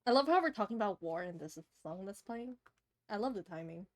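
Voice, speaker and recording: A woman's voice: mid-range voice, animated, fast talker. A young woman with a slightly nasal voice, chatting casually with her live-stream chat while drawing a commission and laughing often.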